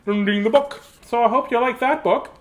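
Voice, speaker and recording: A man's voice: very high-pitched, steady tone, brisk. A middle-aged man hosting a live-streamed children's storytime, chatty and playful, easily sidetracked and greeting young viewers by name. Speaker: children's book reader and show host.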